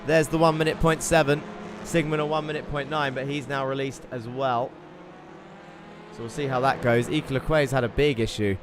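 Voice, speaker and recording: A man's voice: medium pitch, moderate pace. Chatty man commentating a sim race. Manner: chatty, excitable, reads out viewer chat. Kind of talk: live sim racing commentary. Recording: game car engine noise underneath. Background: racing car engine noise.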